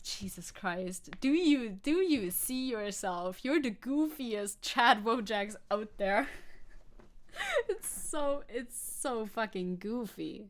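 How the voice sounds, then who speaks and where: A woman's voice: fairly high pitch, animated, takes it slowly. A young woman from Germany streaming as a VTuber, chatting casually and sarcastically, reading chat comments, swearing freely and laughing often.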